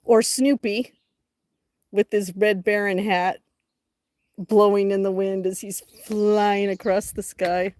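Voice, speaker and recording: A middle-aged woman hosting a casual livestream outdoors, chatty and excitable, talking straight to her viewers. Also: medium pitch, slow. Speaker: livestream host.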